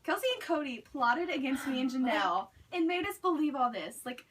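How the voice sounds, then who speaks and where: A young woman with a high voice tells a story, chatty and loose, dropping "like" into nearly every sentence. She sounds set back from the microphone, as if recorded from across a room. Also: lively intonation, brisk, fairly bright tone, slight background noise. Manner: chatty, many "like" fillers. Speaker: student speaker. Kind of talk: storytelling speech. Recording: recorded from a distance.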